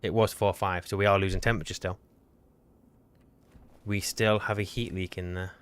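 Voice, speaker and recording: A man's voice: deep voice, level tone, moderate pace, clean tone. A man live-streaming a co-op game, chatting casually and teasing his partner. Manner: chatty, self-correcting, teasing. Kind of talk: casual gameplay chat.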